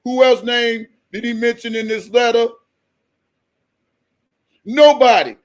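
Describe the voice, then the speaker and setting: A man with a strikingly high voice hosts a casual live stream. He talks slowly and loosely, jokes a lot and keeps breaking into laughter. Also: fairly even intonation.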